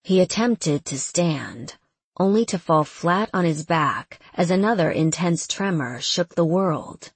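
A woman narrating a fantasy audiobook in a measured, steady manner. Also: on the low side, husky, dry recording. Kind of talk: scripted narration.

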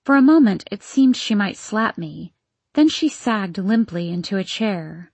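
A woman narrating a first-person novel as an audiobook, with measured, expressive storytelling. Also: mid-range voice, husky, dry recording.

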